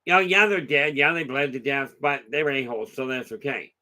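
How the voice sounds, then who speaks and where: Speaking fairly quickly in an expressive, pushed, bright mid-range voice, a man hosts a relaxed live talk. His long story rambles along chattily, full of restarts and side remarks, and he breaks off to reply to viewer comments.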